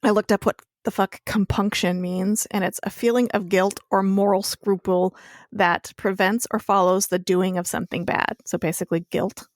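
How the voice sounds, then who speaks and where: A young woman talks through a TV episode scene by scene, chatty and loose, swearing freely. Her pitch sits in the middle. The sound is close and dry, with no room around it. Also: fairly even intonation, normal speed, no room sound. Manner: chatty storytelling with casual swearing. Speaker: podcast co-host. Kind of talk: casual TV recap chat.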